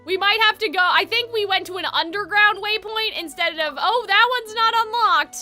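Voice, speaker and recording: A woman's voice: very high voice, normal speed, sharp tone. A woman streaming a video game, rambling through casual commentary, swearing freely and laughing at her own jokes. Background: game music.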